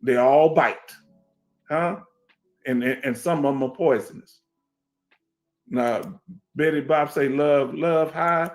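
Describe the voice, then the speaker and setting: A man's voice: on the high side, slow, pauses often, soft background music. A middle-aged veteran man with a Houston accent, hosting a casual livestream, reading chat and talking emphatically with lots of repetition. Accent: Houston Black American English. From Houston, Texas. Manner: streetwise, emphatic, repeats himself, asks "you understand?". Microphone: headset.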